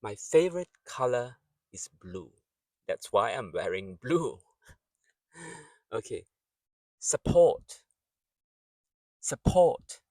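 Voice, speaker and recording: A man teaching English pronunciation, saying example words slowly and repeating them with clear syllable stress. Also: lowish voice, big pitch swings, darkish tone, no echo.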